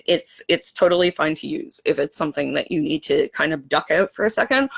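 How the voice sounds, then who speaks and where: A woman organizer giving a casual workshop on a live stream, explaining the rules in a relaxed, chatty way with lots of fillers and restarts. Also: deep voice. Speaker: event organizer running a workshop.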